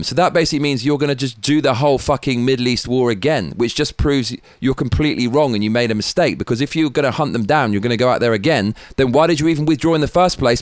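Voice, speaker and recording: Male host, mid-pitched, dry close sound; angry, sweary rant. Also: fast talker, no echo. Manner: angry, profane, heated. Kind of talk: ranting political commentary.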